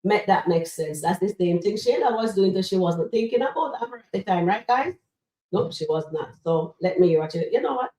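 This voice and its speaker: This woman's mid-range, warm voice is animated and fairly quick as she hosts a live stream reviewing comedy skits. She chats casually, addresses her viewers as "guys" and uses lots of fillers. Recorded from a distance, she sounds set back in an echoey room.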